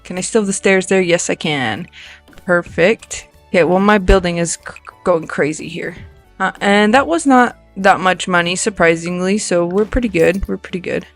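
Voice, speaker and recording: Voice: medium pitch, normal speed, fairly bright tone, faint music behind. A video creator giving casual, rambling commentary while building in a life-sim game, thinking aloud and poking fun at their own mistakes.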